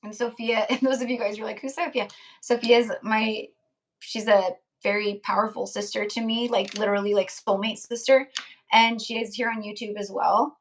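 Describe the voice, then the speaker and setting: A woman tarot reader chatting live to her viewers in a relaxed, rambling way. Her voice is getting rough and hoarse as she goes. She keeps breaking off to greet and thank people from the chat. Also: fairly high pitch, normal speed. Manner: chatty, reads out chat names, frequent "like" and laughs. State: voice going hoarse. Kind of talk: casual live-stream chat.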